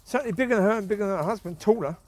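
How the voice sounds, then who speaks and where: A man's voice: high-pitched, very fast, a little mellow. A man, rambling in a casual commentary while out walking his dogs in the woods. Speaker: vlogger. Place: outdoors in rural woods.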